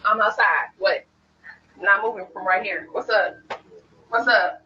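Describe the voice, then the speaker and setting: A man's voice: high voice, measured pace. A man in a heated argument, taunting and repeating himself. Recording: distant, muffled, noisy.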